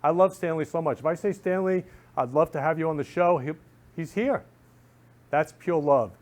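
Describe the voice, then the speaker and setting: A man's voice: a little high, normal speed, darkish tone. A man hosting a talk show in a studio, effusive and repetitive, constantly telling guests he loves them.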